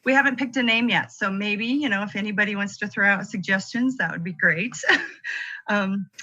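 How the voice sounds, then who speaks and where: Woman, friendly and halting, bright tone through lo-fi call audio. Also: mid-range voice. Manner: friendly, hesitant with many fillers. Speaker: guest on a group call. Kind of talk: casual self-introduction.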